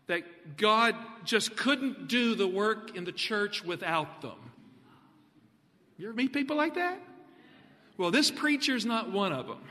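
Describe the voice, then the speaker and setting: A man preaching a sermon, animated, putting questions to the congregation. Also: high-pitched, in a large hall.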